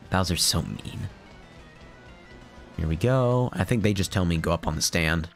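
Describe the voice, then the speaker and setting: A hoarse man from Finland giving chatty, rambling gameplay commentary and laughing often. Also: low voice, moderate pace, long pauses, faint music behind. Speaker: let's play host.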